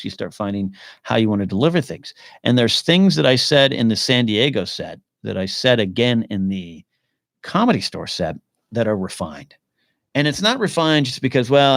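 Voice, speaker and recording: A man hosting a live podcast in casual chat, answering questions from viewers as he goes. He rambles, restarts and thinks out loud, and his voice sits mid-range. The sound is dry and close. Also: medium pitch, no room sound. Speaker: podcast host.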